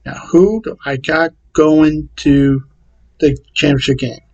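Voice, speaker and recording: Man, higher-pitched, casual vlog talk, plain and repetitive, stops and restarts often. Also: steady tone, slow pace, creaky, darkish tone, highs cut off. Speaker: vlogger. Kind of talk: casual talk to camera, reading out picks.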